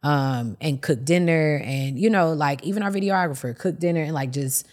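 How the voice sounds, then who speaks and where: A woman's voice: low-pitched, moderate pace, a little mellow. A woman hosting a podcast, candidly telling a personal story and acting out quoted lines. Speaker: podcast host. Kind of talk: casual chat.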